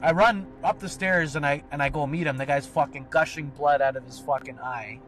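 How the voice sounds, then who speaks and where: A man's voice: a little high, a little fast, a bit bright, soft background music. A man telling a personal story on a podcast, rambling and swearing, with lots of filler words. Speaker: podcast co-host. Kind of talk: casual storytelling.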